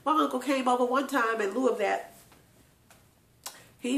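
A woman's voice: a little high, normal speed, creaky, pauses often. A woman telling tearful personal family stories to her viewers, laughing often. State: crying at times. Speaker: channel host. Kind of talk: emotional personal storytelling. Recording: echoey room.

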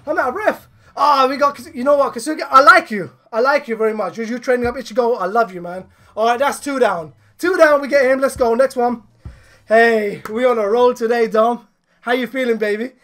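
A man co-hosting a gaming channel, giving excited commentary while summoning in a mobile game, hyped and shouting when thrilled. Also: extremely high pitch, a little fast.

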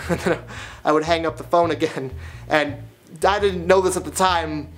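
A young man telling comic confessional stories in a deadpan, self-mocking way, as a vlogger. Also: a little high, moderate pace. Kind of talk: comedic confessional monologue.

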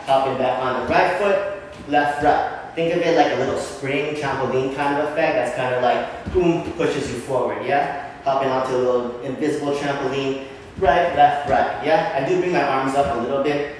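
A man's voice: medium pitch, a little hiss or hum. A young man teaching an online dance class, counting steps and ending lines with a casual "yeah?". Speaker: dance instructor. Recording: echoey room from far off.

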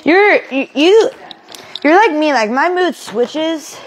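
A woman's voice: high voice, lively intonation, slow, slight background noise, low-quality recording. A young woman acting a volatile young woman kicked out by her family, ranting and swearing with sarcasm in an amateur film. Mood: angry.

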